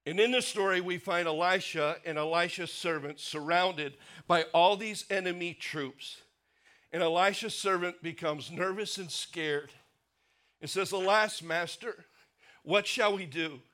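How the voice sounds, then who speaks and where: A pastor preaching a sermon, earnest, sinking to a quiet low voice for weight and lifting it for questions to the congregation. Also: male voice, a little slow. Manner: earnest preaching, drops low and soft for emphasis, rises for rhetorical questions.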